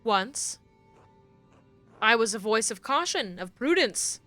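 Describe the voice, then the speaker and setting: A woman's voice: sing-song, bright, forceful tone, faint music behind, full character voice. A woman voicing a solemn spirit of melancholy. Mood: somber. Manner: slow, solemn, low recitation. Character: gloomy female spirit of melancholy. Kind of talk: reading game dialogue aloud.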